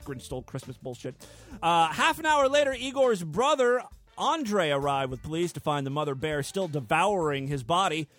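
A man's voice: fairly high pitch, big pitch swings, normal speed, a bit bright, faint music behind. A man hosting a podcast, reading out news with crude, irreverent commentary and frequent laughter. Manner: irreverent, laughs often, mock voices for quotes. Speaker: podcast host.

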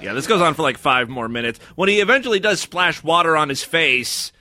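Sarcastic high-voiced male podcast host. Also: lively intonation, fairly quick, pushed and bright, dry recording. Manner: sarcastic, crude, rambling asides. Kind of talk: casual comedic commentary on clips.

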